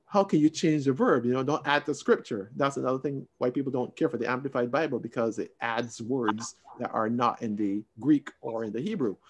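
A man teaching a Sunday school Bible lesson over a video call, expressive and emphatic, shifting between raised stress and quiet asides. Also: medium pitch, brisk, few pauses, breathy edge.

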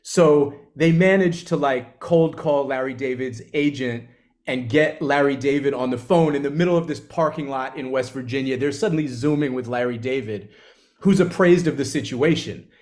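A man, an author, telling an animated story in an onstage conversation and acting out the quotes. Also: mid-range voice, normal speed. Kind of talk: live conversation on stage.

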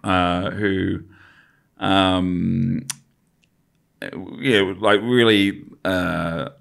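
A man's voice: sits low, steady tone, vocal fry, fairly bright tone. A middle-aged man from Australia, a comedian chatting casually as a podcast guest, trailing off and restarting often. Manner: halting, many restarts and fillers.

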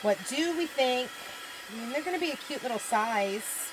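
A woman's voice: sits high, lively intonation, normal speed, background noise. A woman hosting a live craft demonstration from home, chatting with viewers and reading their comments aloud. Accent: American. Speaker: craft livestream host.

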